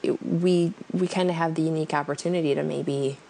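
A woman's voice: deep voice, fairly even intonation, fairly quick, creaky, warm tone, a little hiss or hum. A woman co-hosting a podcast in casual chat, telling stories and laughing often. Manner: chatty storyteller, laughs often. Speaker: podcast co-host.

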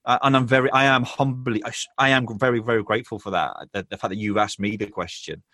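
An English business owner with a mid-range, sharp-toned voice and fairly even intonation speaks earnestly as a guest in a casual interview. His delivery is halting, full of "um"s and restarted sentences, recorded at studio quality with no echo.

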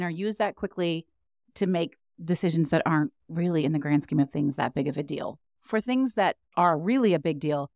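A woman's voice: low voice, no echo, clean studio sound. A woman guest coach on a podcast, explaining with animation and acting out quoted inner voices.

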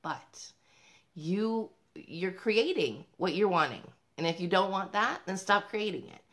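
A woman's voice: medium pitch, expressive, unhurried, fairly bright tone. A woman talking to the camera as a parenting vlogger, upbeat and emphatic, speaking straight to other mothers and laughing between points. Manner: upbeat, emphatic, addresses viewers directly. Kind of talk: motivational talk to camera.

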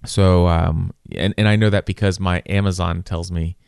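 A man with a lowish, smooth voice rambles through a relaxed conversation, often restarting his sentences. The sound is close and dry, with no room around it. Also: normal speed, no room sound. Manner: rambling, many restarts and repeated words. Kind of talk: casual chat.

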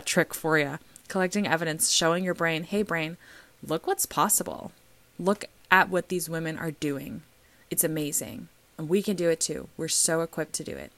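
A young adult woman hosts her own podcast and chats warmly about birth prep. Her voice sits low with a gravelly fry, and she talks in a rambling way, full of fillers. The tone is casual and heartfelt. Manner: chatty and heartfelt, many fillers. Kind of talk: casual solo podcast talk.

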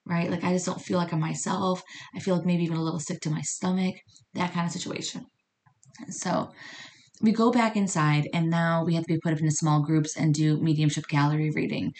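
A woman's voice: deep voice, fairly quick. A woman hosting a podcast, telling a personal story in a casual, chatty way and acting out the dialogue. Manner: chatty, animated, acts out quoted dialogue. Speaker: podcast host.

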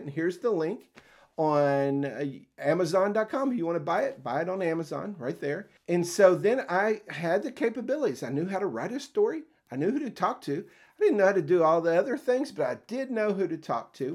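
Lively, animated older man chatting. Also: high voice. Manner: animated storytelling, acts out quoted exchanges, chuckles often. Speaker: podcast host and career coach. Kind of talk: casual podcast monologue.

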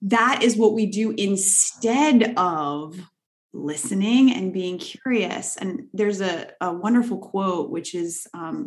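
A woman's voice: mid-range voice, lively intonation, slow pace. Earnest woman guest telling her story. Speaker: guest, leadership author. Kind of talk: conversational podcast interview.

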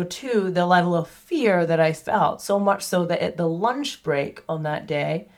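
A woman's voice: lowish voice, vocal fry. A woman hosting a podcast, telling a personal story in a candid, chatty way with plenty of asides. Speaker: podcast host.

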